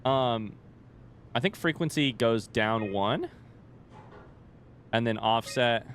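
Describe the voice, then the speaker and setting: Male let's-play commentator: excitable, rambling and jokey, mid-pitched voice. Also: slow, slight background noise. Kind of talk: casual, unscripted game commentary.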